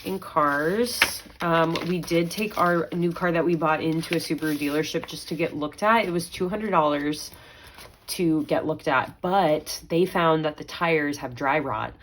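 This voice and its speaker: Counting aloud as she sorts budget money, a young pregnant vlogger chats casually with some mild self-talk. Her low-pitched voice moves a little slowly. The recording is rough, with slight background noise.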